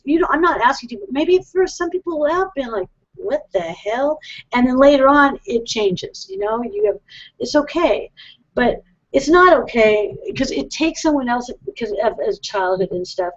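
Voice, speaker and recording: A woman's voice: high-pitched, lively intonation, moderate pace. A woman hosting a call-in psychic show, rambling and self-deprecating, laughing often as she talks. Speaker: psychic radio host. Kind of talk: casual call-in show chat. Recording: dull lo-fi web broadcast.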